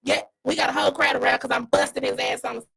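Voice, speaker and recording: Gravelly, husky woman telling a blunt story. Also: high-pitched, fast, poor audio. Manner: blunt, animated, profane. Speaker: podcast co-host and dog breeder. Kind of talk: casual storytelling.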